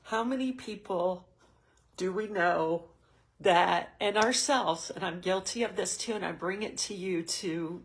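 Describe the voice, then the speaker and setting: Earnest woman with a gravelly voice. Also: lowish voice. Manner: earnest, heartfelt, emotional storytelling. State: tearful at moments. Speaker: host. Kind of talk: motivational talk to a women's group.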